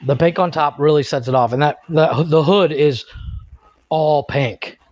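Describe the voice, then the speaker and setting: A man in his thirties co-hosts a casual podcast, his voice sitting a little high. He swears freely and laughs at his own stories. The sound is dry and muffled, like a lo-fi recording. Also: a little slow, darkish tone, dry recording. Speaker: podcast co-host. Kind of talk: casual chat.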